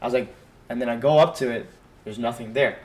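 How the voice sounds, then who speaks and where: A young man on a podcast, telling a long story in a loose, rambling way. He fills it with "like" and puts on short bursts of his friends' voices. His voice is middle-pitched and plain. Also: quick pace, darkish tone. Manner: rambling, lots of "like", quoting friends. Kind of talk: casual storytelling.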